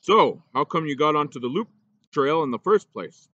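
A man voicing a gruff, remorseful older male teacher in a storybook reading, talking plainly and low. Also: lively intonation, moderate pace, sharp tone, dry recording, dull audio.

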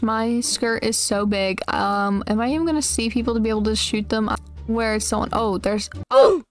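Young female gaming vlogger, slightly high voice, bubbly running commentary, faint music underneath. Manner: chatty and upbeat, with frequent fillers and repeated phrases. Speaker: gaming YouTuber. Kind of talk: casual gameplay commentary.

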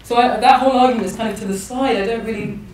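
A woman's voice: fairly high pitch, fairly even intonation, rapid-fire, darkish tone, recorded from a distance, slight background noise. A woman novelist in her thirties, from England, talking thoughtfully in a public conversation, often restarting her sentences. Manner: thoughtful, hesitant, with many restarts. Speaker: novelist guest. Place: large echoey hall. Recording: echoey hall recording from afar.

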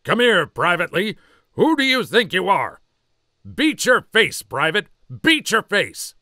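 A hard-barking army drill sergeant, put on by a man reading a story aloud, throws short commands at a recruit in a loud, pushed-up shout. The voice leaps around in pitch, and the sound stays close and dry, with no room around it. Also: wildly swooping pitch, slow, vocal fry, no room sound, heavily acted.

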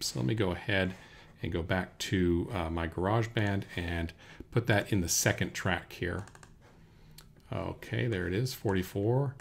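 Gravelly man talking through a tutorial. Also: low-pitched. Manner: relaxed, talks through steps with fillers. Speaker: teacher. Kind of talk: screen-recorded software tutorial. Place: indoors at a computer. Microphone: USB desk microphone.

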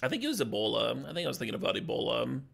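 A man streaming a card game draft, talking casually in a playful, joking way and swearing when excited. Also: medium pitch, rapid-fire, gravelly.

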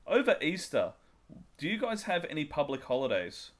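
Man from Australia, podcast host with a lively, swinging voice, teasing and quick to laugh. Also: fairly high pitch. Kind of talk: casual podcast chat.

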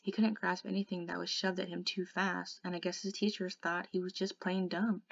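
A woman reading a novel aloud in an expressive way, softening to a hush in the quiet passages. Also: fairly low pitch, normal speed, vocal fry. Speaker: audiobook reader. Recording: dull lo-fi recording.

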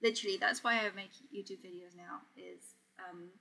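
This young woman from Portugal has a mid-range, bright, forceful voice with vocal fry, fairly even intonation, and a moderate pace. Sewing on a casual livestream, she chats easily, reads viewers' comments aloud, and often laughs.

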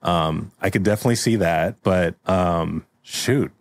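A man's voice: low voice, unhurried, creaky. A man hosting a comedy podcast, laid-back and rambling, laughing often in casual chat. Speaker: podcast host.

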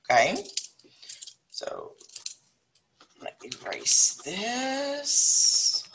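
A middle-aged woman with a South Louisiana accent teaches a recorded math lesson. Her voice is bright and clear. She works the problems aloud, thinking as she goes and slowing down to spell out the numbers. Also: rumbling low, slight background noise. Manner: thinks aloud, slows down when dictating numbers.

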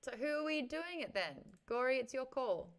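A young woman with an Australian accent, hosting a book club livestream in chatty, offhand talk full of quick asides. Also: high-pitched, animated, smooth. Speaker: host of a book club stream. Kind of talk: casual livestream chat.

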